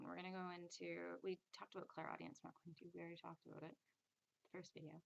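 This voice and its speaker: A woman's voice: lowish voice, little pitch movement, quick pace, vocal fry, highs cut off. A woman giving a casual spiritual lesson, chatty and acting out little inner voices in quotes. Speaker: spiritual teacher. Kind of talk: casual teaching monologue.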